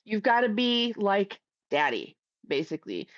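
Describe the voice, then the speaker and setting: A woman's voice: medium pitch, very animated, unhurried, dry recording, muffled recording. A middle-aged woman from Ohio hosting a livestream, reading chat aloud in a blunt, crude, chatty way. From Ohio, USA.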